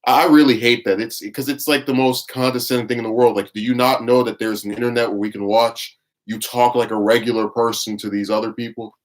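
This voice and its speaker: A man's voice: medium pitch, flat delivery, fairly quick. A man giving blunt, scornful live-stream commentary, reading viewer chat and rambling with frequent restarts. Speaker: livestream commentator.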